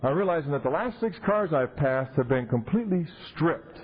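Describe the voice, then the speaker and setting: A man speaking at a recovery convention, telling his story in an animated way and acting out the people he quotes. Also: on the high side, normal speed, slightly rough. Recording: tinny 1990s tape recording.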